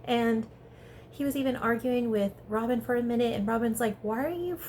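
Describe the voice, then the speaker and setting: A woman giving a casual, chatty recap of a reality show episode, talking fast and peppering her speech with "like". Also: fairly high pitch, slight background noise. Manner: chatty, animated, heavy use of "like". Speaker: reality TV reviewer.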